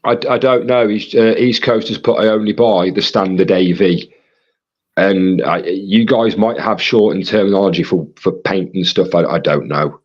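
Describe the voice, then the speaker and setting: A man with a husky voice, casually reading viewer comments aloud as co-host of a live stream. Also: sits low, moderate pace, dull audio.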